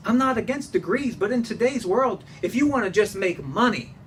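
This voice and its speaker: A man's voice: sits high, animated, moderate pace, fairly bright tone. A man preaching a sermon to a congregation, emphatic and repeating phrases for effect. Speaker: pastor. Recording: distant mic with faint room noise.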